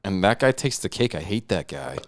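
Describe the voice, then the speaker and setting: A man co-hosting a podcast in loose, laid-back banter who laughs often and swears freely. His voice sits a bit low and comes across smooth and resonant. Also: very animated, brisk, no room sound. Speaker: podcast co-host. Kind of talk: casual banter.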